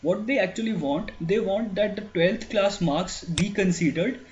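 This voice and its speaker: Brief: male tutor, high voice, halting explanatory lecture, dull lo-fi recording with faint hiss. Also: a little mellow. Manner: explanatory, many fillers and restarts. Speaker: exam coaching teacher. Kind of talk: lecture on a newspaper editorial. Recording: dull lo-fi sound with faint noise.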